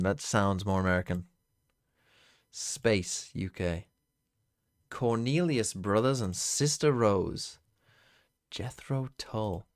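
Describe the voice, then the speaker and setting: A man's voice: fairly low pitch, a little mellow, clean tone. A man streaming casually, muttering to himself and swearing often as he plays along. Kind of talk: casual live-stream commentary.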